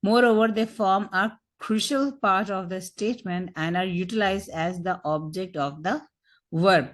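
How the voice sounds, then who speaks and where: A woman's voice: medium pitch, fairly even intonation, unhurried. A woman giving a recorded grammar lecture, explaining step by step and asking rhetorical questions. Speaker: teacher.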